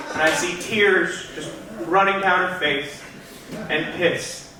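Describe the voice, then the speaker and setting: A male stand-up comic talks straight to his club audience, spinning a story with theatrical punch. He speaks slowly in a high voice with a steady tone, captured from a distance in a room full of echo.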